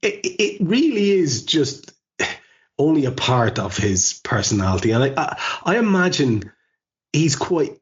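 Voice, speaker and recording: A man's voice: on the high side, very animated, a little slow. A man hosting a casual podcast chat, asking long, winding questions. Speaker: podcast host. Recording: muffled lo-fi audio.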